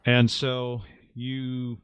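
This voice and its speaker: A man narrating as game master of a tabletop game, halting and full of uhs. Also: mid-range voice, monotone, clear, resonant tone, no echo.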